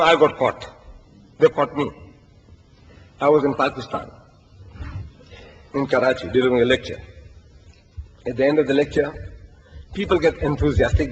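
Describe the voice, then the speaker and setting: Older male preacher in an echoing hall. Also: medium pitch. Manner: storytelling, animated, quotes Arabic verses. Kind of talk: lecture to an audience. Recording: dull lo-fi recording, long hall reverb.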